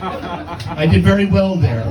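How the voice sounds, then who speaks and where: A man's voice: high-pitched, expressive, takes it slowly, echoey room, distant mic, a crowd in the background, low-quality recording. A man in his fifties doing a brash, profane, self-mocking stand-up comedy set in a comedy club. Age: 50s.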